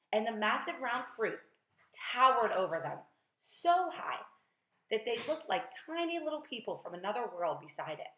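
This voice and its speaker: Woman teacher reading aloud, expressive, highish voice, roomy echo. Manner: lively, expressive storytelling. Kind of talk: reading a children's book aloud.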